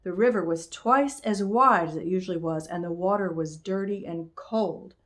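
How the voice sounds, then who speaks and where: A woman calmly reading a children's book aloud, in an expressive storyteller's voice. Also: on the low side, moderate pace. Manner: calm, expressive read-aloud voice.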